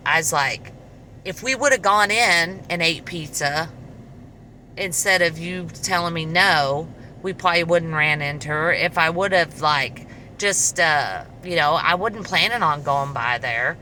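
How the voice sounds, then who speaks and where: A middle-aged woman casually telling a personal story to camera, chatty and animated, acting out the dialogue. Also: fairly low pitch, a little hiss or hum, rough recording. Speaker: vlogger.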